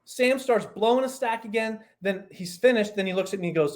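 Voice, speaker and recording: A man in casual podcast talk, telling a story with a lively, rising and falling voice. His pitch sits a little high for a man, and he breaks up his explanations with quick asides. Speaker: performance coach guest.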